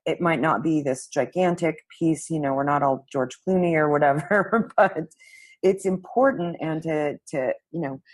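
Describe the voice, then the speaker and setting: A woman's voice: deep voice, normal speed, no room sound. A woman hosting a podcast, talking earnestly and thinking aloud in casual conversation. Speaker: podcast host.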